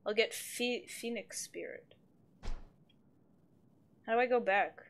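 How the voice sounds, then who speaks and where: A woman's voice: fairly high pitch, slow pace. Chatty swearing woman streamer. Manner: chatty, swears freely, laughs often. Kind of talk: casual game commentary.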